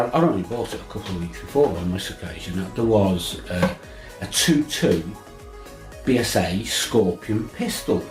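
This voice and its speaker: A man's voice: on the low side, a little mellow, echoey room. Man telling a laughing tale. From England. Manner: swearing, laughing anecdote teller with many restarts. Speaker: fishing vlogger. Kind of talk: casual storytelling.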